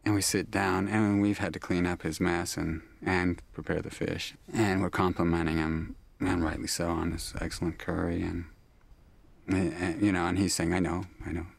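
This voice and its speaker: A man with a very deep, gravelly voice recalls stories from a shoot. His sound is dry and close, the talk unhurried. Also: flat delivery, no echo. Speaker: cast member interviewed. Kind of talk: anecdotal interview.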